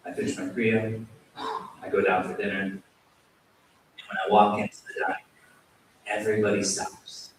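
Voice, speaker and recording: A man's voice: lowish voice, normal speed, pauses often. Man telling stories in an echoey temple. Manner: self-deprecating, animated storytelling with acted quotes. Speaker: yoga teacher giving a temple talk. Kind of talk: sermon with storytelling. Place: large temple hall. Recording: very echoey hall, distant mic, faint hiss.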